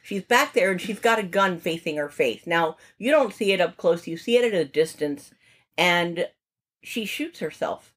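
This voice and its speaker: A woman's voice: on the low side, animated, moderate pace. A woman co-hosting a podcast, recapping a film plot in casual chat with asides. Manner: chatty, recaps plot with frequent asides and laughs. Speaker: podcast co-host. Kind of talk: casual movie review chat.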